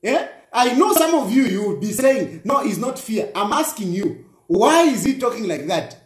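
A man reacts to a news clip in mocking commentary. His voice sits high and leaps around as he hammers the same rhetorical questions. The room around him rings with echo. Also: very animated, moderate pace. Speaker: political commentator.

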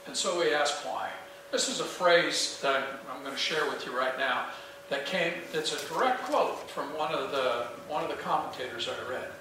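Bright-voiced man preaching in an echoey church. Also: medium pitch, slight background noise. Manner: earnest, emphatic preaching with rhetorical questions. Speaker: pastor. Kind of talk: sermon. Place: small church sanctuary. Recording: echoey church heard from a distance.

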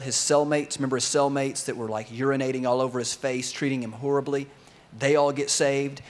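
A man preaching a sermon to his congregation, telling a story with lively energy and sometimes acting out the voices of its characters. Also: medium pitch. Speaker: pastor.

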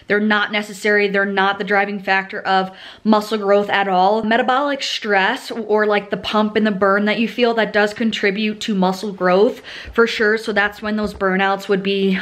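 Young female fitness vlogger, mid-pitched, casual and energetic delivery to camera. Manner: chatty, upbeat, many "like" fillers. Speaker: fitness vlogger and certified personal trainer. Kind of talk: casual chatty explanation to camera.

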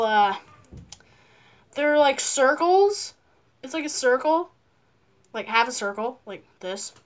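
A woman's voice: high voice, fairly bright tone, slight background noise. A woman hosting a casual paper-craft tutorial at home, chatty and playful, with rambling asides. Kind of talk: casual how-to narration.

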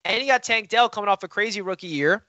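A man's voice: high voice, fast, pushed and bright, no echo, dull audio. A man co-hosting a casual sports debate, boastful and teasing as he argues for his team. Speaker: sports podcast co-host, Jets fan.

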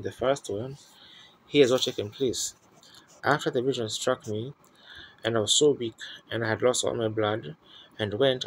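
A preacher, a man, carries a congregation through a long story in an earnest, rambling way, stopping and starting his sentences and then pressing on. His voice sits at an ordinary middle pitch. A faint hiss of old tape runs behind him in the church. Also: low-quality recording. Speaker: pastor. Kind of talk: sermon. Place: church tabernacle.

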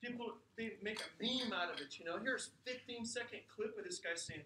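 A man giving an informal lecture, telling stories with jokes and asides in an animated way. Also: high-pitched, a little fast, hardly any pauses, far from the mic, background noise. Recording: echoey room, mic from afar.

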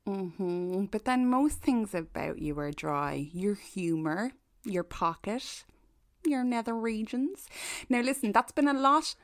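A woman co-hosting a podcast in casual comedic chat, with a loud cackling laugh and crude teasing. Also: medium pitch, lively intonation, slow, no echo. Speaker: podcast co-host.

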